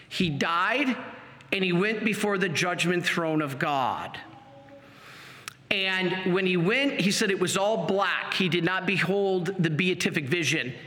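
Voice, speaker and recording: A man telling a personal testimony in an animated, dramatic storytelling manner. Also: high voice. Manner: animated, dramatic storytelling with sudden pace shifts. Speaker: speaker giving a testimony. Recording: long hall reverb.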